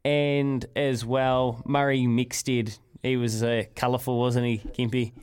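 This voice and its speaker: A man's voice: mid-range voice, flat delivery, a little mellow, smooth. A man with a New Zealand accent hosting a live sports talkback radio show, chatty and upbeat. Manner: chatty and upbeat, quick laughs.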